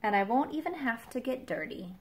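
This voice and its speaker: A woman's voice: a little high, sing-song, brisk. A woman voicing a fussy little boy who is afraid of getting dirty, in a read-aloud picture book. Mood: excited.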